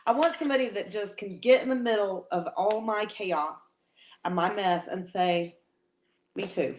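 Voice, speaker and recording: A woman's voice: medium pitch, measured pace. A middle-aged woman co-hosting a live chat, talking in a heartfelt way that repeats phrases, with playful teasing. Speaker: co-host.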